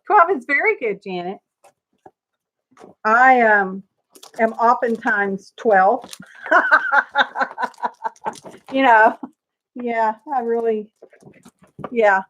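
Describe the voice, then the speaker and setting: Slow-talking older woman. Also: on the high side, animated, fairly bright tone, lo-fi sound. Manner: chatty and gushing, greets viewers by name, frequent laughs. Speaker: craft channel host. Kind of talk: live-stream craft show-and-tell. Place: home craft studio.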